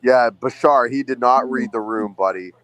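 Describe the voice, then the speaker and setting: Casting: man in his thirties, podcast co-host, mid-pitched, animated and profane storyteller. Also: moderate pace, a crowd in the background, low-quality recording. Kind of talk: casual storytelling chat. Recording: remote call from a phone.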